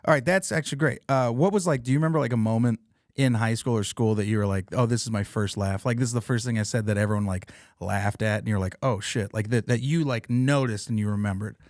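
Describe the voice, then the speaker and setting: A man's voice: fairly low pitch, fast, a little mellow, no room sound, studio quality. A man hosting a podcast in loose casual chat, swearing and laughing often. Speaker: podcast host and comedian.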